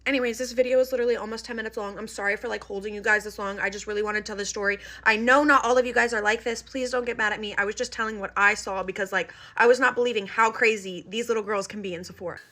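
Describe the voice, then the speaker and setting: A young woman telling a story in a casual, animated vlog, chatty and full of fillers. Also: medium pitch, racing, few pauses.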